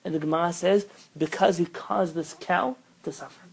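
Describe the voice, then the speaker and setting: Animated rabbi teaching a lesson. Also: male voice, fairly high pitch, moderate pace, vocal fry, slightly rough, low-quality recording. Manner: animated storytelling, rising loud when quoting; mixes Hebrew terms into English. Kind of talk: informal Torah lesson.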